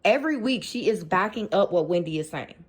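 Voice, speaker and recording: A woman's voice: lowish voice, animated, brisk, breathy edge. A woman hosting a casual reality TV recap, chatty and opinionated, acting out quotes from the cast as she goes.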